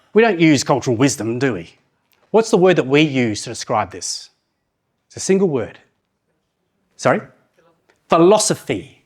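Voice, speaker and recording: A middle-aged man giving a conference talk, asking the audience questions and slowing down to read proverbs aloud. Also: medium pitch. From New Zealand. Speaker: conference speaker.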